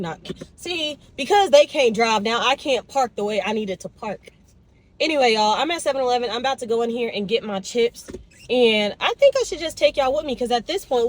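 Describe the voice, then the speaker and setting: A woman's voice: fairly high pitch, rough recording. A young woman vlogging casually from her car and a convenience store, talking expressively, ranting and swearing. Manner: expressive, animated, swears and rants. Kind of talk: casual vlog chat.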